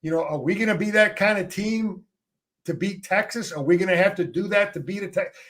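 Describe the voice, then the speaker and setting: Emphatic high-voiced former coach talking football. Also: male voice, brisk, a bit bright. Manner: emphatic, repeats words and restarts, salty. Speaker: former player and coach, guest. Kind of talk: casual sports talk.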